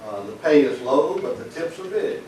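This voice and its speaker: A man's voice: on the high side, expressive, moderate pace, mellow. Older man, economics lecturer, folksy storytelling, asks the room questions; roomy far-off mic. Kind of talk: anecdotal lecture to a live audience. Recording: echoey lecture room from a distant mic, noisy.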